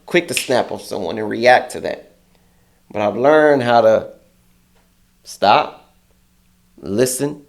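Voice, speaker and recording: Animated man telling a story. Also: medium pitch, vocal fry, slight background noise. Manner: acts out quotes in a raised, heated voice; profane, street-casual speech. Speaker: interview guest.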